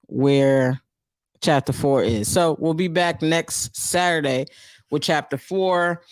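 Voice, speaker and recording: A woman's voice: low-pitched, no echo, studio quality. A woman with a New York accent hosting her own live stream, casually recapping a book and reacting to viewers in a chatty, loose way. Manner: chatty and loose, reacting to chat, frequent fillers.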